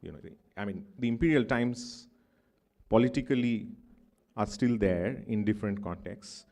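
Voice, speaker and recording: A man's voice: on the low side, moderate pace, a little mellow. Bengali-accented man giving an academic talk. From India. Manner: thoughtful, discursive, many fillers and asides. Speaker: conference speaker. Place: conference hall.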